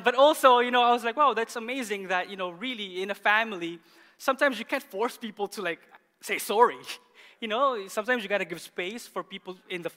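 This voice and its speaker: Male pastor, thirties, high bright voice, animated storyteller, long church hall reverb. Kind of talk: sermon.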